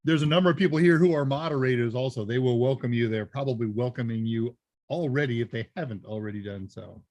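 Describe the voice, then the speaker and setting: A man hosting a live Q&A stream, chatting casually and joking as he reads messages and thinks out loud. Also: mid-range voice, fast talker, dry recording. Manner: chatty, jokey, thinks aloud. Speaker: live Q&A host.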